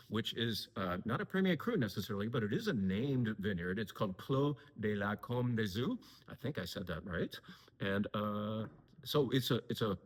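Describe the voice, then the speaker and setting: A man's voice: fairly low pitch, big-room sound. A man hosting a casual talk to camera from a wine shop, chatty, with many fillers and self-corrections.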